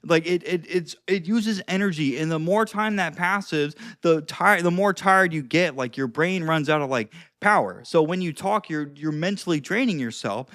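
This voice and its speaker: A young man gives social advice straight to the camera, his voice sitting a little higher than most men's. He talks loosely and keeps saying "like", restarting his sentences as he goes. He gets loud on some points and drops to a low mutter on others. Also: normal speed, hardly any pauses. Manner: loose and slangy, full of "like" and restarts; swings between loud and quiet, low-key asides. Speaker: social skills coach. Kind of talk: casual talking-to-camera advice.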